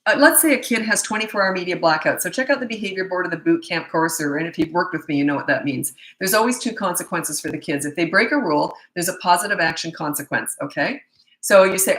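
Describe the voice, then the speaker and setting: A woman's voice: lowish voice, fairly bright tone. Chatty woman coach in an echoey room. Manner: chatty, frank, quick to laugh, acts out dialogue. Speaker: parenting coach. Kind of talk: live Q&A, casual advice.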